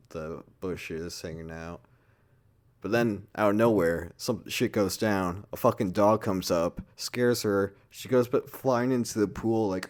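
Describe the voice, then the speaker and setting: A man giving a casual, rambling movie review, full of swearing and filler words. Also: low voice.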